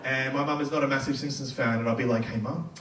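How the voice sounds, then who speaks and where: A man doing a stand-up comedy set in a comedy club, with a quick, playful delivery and loud acted quotes. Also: medium pitch, steady tone, echoey room, distant mic.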